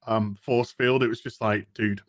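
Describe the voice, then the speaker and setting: A man's voice: on the high side, big pitch swings, a little slow, sharp tone. A man hosting a casual live stream, chatting and greeting viewers in the chat one by one.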